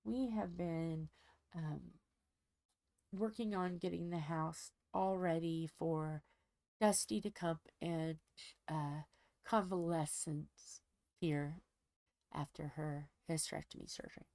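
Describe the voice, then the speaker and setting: A woman's voice: low voice, fairly even intonation, slow, pauses often, warm tone, no room sound. A woman hosting a diamond painting channel, chatting casually while she crafts and telling a rambling, folksy story from home.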